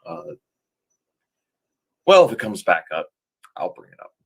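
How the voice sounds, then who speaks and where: A man's voice: on the low side, very animated, unhurried, husky. A man giving casual reaction commentary to a video, rambling and sometimes losing his train of thought.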